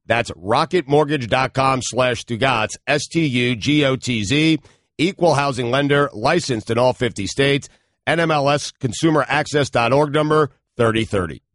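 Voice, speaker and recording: A man co-hosting a sports radio show, reading sponsor copy in a steady, flat way. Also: medium pitch, moderate pace, no echo, clean studio sound. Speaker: radio co-host. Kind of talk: read ad copy.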